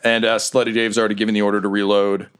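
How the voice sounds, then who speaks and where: Relaxed man running a tabletop game. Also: lowish voice, rapid-fire, clean tone. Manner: relaxed, loose storytelling with fillers. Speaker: game master.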